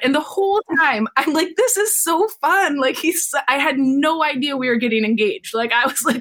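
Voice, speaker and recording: A woman recounts a personal story in conversation with a lively, animated delivery. She acts out what others said and laughs often. Her voice sits somewhat high. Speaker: guest.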